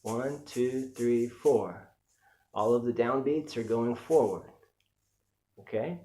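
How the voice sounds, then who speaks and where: A man's voice: mid-range voice, slow, dark tone. A man giving a casual music lesson, chatty and easygoing, with frequent fillers as he explains technique. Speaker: music teacher. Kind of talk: casual instructional talk.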